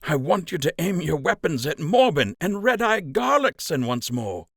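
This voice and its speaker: Guy reading as earnest rabbit uncle, kinda higher voice, pleading, dry sound. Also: very animated, normal speed, creaky, fairly bright tone, no room sound, exaggerated voice. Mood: grieved. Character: male rabbit uncle, calm, principled.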